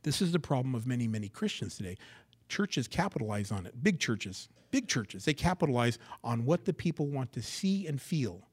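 A man delivering a sermon from the pulpit of a church. His voice sits at an ordinary middle pitch, and his delivery swings hard, climbing loud and high on emphatic words, then dropping low and hushed to drive a point home. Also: sing-song, moderate pace, husky. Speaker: pastor. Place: church sanctuary.

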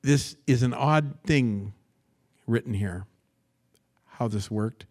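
A man from the US West Coast teaching a Bible passage verse by verse as a pastor, folksy and animated, with plain-spoken asides and stories. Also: mid-range voice, slow pace.

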